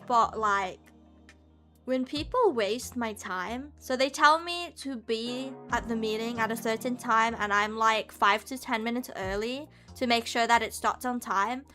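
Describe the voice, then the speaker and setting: Bright, high-voiced chatty streamer woman. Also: measured pace, soft background music. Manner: animated venting with frequent laughter; chats back to viewers' messages. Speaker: VTuber streamer. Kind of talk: casual live-stream chat.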